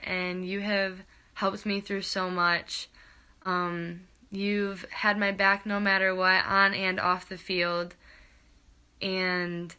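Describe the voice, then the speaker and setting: This is a young woman recording a farewell to her college softball teammate, and she is tearful throughout. Her voice is bright and a little sharp. She talks in halting stretches, heartfelt, with frequent pauses. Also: medium pitch, smooth. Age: young adult.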